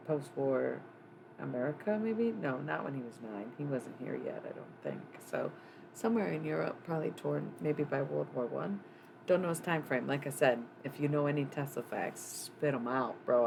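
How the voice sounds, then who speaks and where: Low, gravelly woman rambling on a live stream. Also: background noise. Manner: rambling, loose and profane, thinking aloud with many fillers. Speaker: live streamer giving a psychic reading. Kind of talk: casual live-stream chat.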